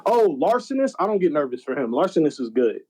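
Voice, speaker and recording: A young man in casual podcast chat, telling stories in an animated, slangy, profane way. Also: a little high, fast, husky, rough recording. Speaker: podcast guest.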